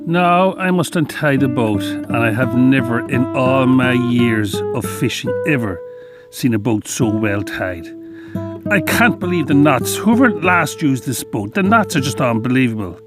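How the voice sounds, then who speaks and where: A man's voice: mid-range voice, expressive, a little slow, loud music behind the voice. A man vlogging about a fishing trip, narrating his drive in an enthusiastic, chatty way. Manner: enthusiastic, gushing about the scenery. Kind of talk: chatty travel narration to camera. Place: in a car on country roads. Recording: road and car noise behind.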